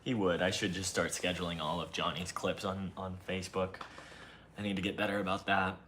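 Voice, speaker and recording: A young man hosting a solo podcast, talking softly and casually in a low-key, self-mocking way. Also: level tone, a little fast, a little hiss or hum. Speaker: podcast host.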